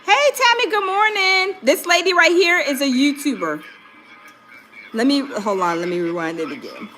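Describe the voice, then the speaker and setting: A woman with a high, expressive voice speaks at a normal speed, her tone pushed and bright, with faint music in the background. She's hosting a casual gossip livestream as a YouTuber, rambling and chatty, full of fillers and "hold on"s while she hunts for clips.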